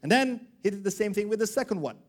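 A man's voice: high-pitched, quick pace. A male pastor preaching a sermon, acting out the characters of a parable. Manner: animated, acts out characters.

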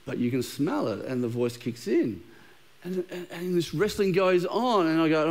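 Casting: man, middle-aged, high voice, easygoing preacher who jokes and trips over words. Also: moderate pace, a little mellow. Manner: conversational and humorous, with frequent repeated words. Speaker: pastor. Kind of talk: sermon. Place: church auditorium with a live congregation.

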